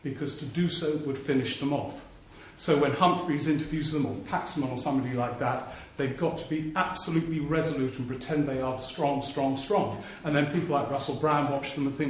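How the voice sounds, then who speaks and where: A man's voice: medium pitch, fairly quick, few pauses. Man telling stories on stage. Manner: storytelling, acts out politicians' voices for laughs. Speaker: political journalist performing on stage. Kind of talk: live one-man stage talk with anecdotes. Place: theatre stage before a live audience. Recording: very echoey live theatre recording, faint noise. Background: audience laughter.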